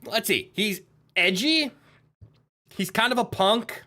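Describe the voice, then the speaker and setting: A woman's voice: mid-range voice, expressive, takes it slowly, sharp tone. A woman streamer giving casual, playful commentary while playing a game, laughing often and swearing when things go wrong. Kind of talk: casual let's-play commentary.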